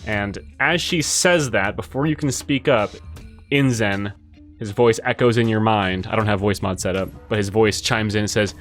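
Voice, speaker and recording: A man with a fairly low voice narrates as game master, describing characters and scenes in an easygoing, descriptive way. Soft guitar music plays faintly behind him. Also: normal speed. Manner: descriptive, relaxed storytelling.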